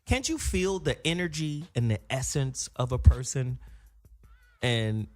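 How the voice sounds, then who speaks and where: A man hosting a talk show, riffing on tangents in a profane, animated way. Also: mid-range voice, measured pace, faint music behind. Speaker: podcast host. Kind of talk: casual chat.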